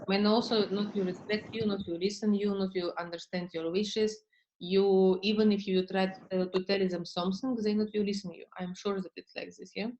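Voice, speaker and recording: Woman therapist, halting non-native english, fillers, muffled lo-fi call sound. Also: mid-range voice, steady tone, darkish tone. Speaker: therapist leading a session. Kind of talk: coaching session with a client.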